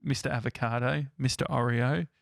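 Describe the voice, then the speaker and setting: A man's voice: medium pitch, steady tone, brisk, gravelly, no room sound, studio quality. An Australian man co-hosting a podcast in casual banter, teasing his co-hosts with needling questions. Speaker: podcast co-host.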